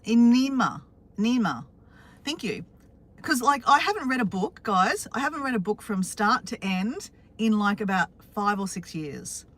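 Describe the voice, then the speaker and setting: A woman with an Australian accent chatting casually on a live stream from her car, greeting viewers by name. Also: medium pitch.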